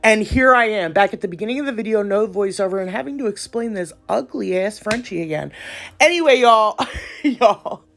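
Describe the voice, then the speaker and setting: A woman's voice: medium pitch, lively intonation, normal speed, gravelly, fairly bright tone. A woman nail tech, chatting playfully through a casual voiceover tutorial in slangy talk.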